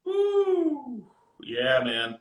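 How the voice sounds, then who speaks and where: A man's voice: extremely high pitch, wildly swooping pitch, extremely slow. A middle-aged man with a Maine accent, chatting casually as a guest, rambling with many fillers and frequent laughs. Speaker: guest, finisher. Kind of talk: casual chat.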